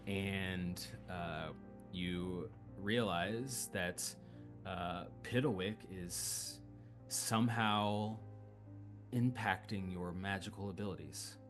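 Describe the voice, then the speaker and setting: Young male game master, low, unhurried, hesitant delivery, faint music under. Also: steady tone. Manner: slow, hesitant narration with many fillers. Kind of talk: narrating a tabletop game.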